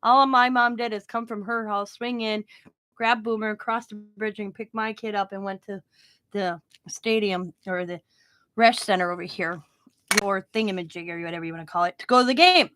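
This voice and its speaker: A middle-aged woman casually telling a story as host of her own channel, animated and informal, often laughing at her own tale. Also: medium pitch, normal speed, a little hiss or hum.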